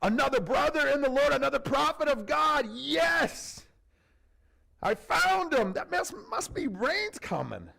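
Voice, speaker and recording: Pastor doing a jittery scared servant guy, voice jumps way up high, loud and pleading. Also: sing-song, measured pace, creaky, heavily acted. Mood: eager. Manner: pleading, indignant, high-strung. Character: anxious frightened male royal servant, defensive.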